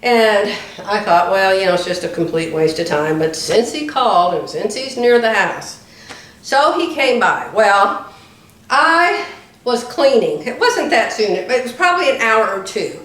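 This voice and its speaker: A woman's voice: mid-range voice, expressive, a little slow, fairly bright tone. An older woman telling a long story in a chatty vlog, often laughing as she talks. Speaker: vlogger. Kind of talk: casual storytelling. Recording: roomy echo.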